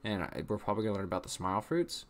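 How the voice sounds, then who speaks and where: Young man, low voice, casual reaction chat. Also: very animated, very fast, fairly bright tone. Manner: casual, loose phrasing with frequent "like". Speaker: reaction video host. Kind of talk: casual live reaction commentary.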